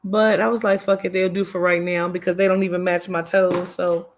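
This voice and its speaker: A woman's voice: fairly low pitch, little pitch movement, fairly quick, a little hiss or hum. A woman hosting her own live stream, talking casually and drifting from one thought to the next. She swears freely and answers her viewers' chat comments as they come in. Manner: chatty and rambling, with frequent swearing and "child" asides. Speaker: livestream host.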